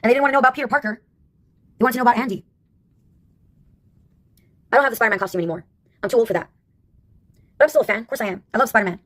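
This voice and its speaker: A woman's voice: fairly high pitch, racing, pauses often. A woman in her fifties telling stories in a casual monologue, wry and sarcastic, laughing at her own anecdotes. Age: 50s. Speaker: vlogger.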